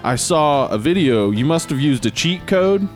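A man co-hosts a podcast with a lively, bouncing delivery, trading teasing wisecracks with his partner. Soft guitar music sits faintly beneath the conversation. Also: on the high side, moderate pace. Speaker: podcast co-host. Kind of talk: casual podcast chat.

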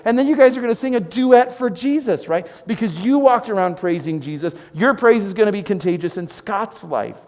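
A man preaching a sermon as pastor, telling stories with animated swings from loud exclamations to quiet intensity. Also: high-pitched, normal speed, hardly any pauses, in a large hall. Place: church sanctuary.

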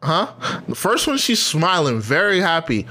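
A man in casual reaction commentary, animated and laughing, often mimicking people in quick asides. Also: on the high side, a little hiss or hum.

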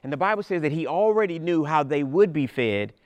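A man preaching a sermon as pastor, retelling scripture in a lively storytelling way. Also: on the high side, fairly quick, no echo.

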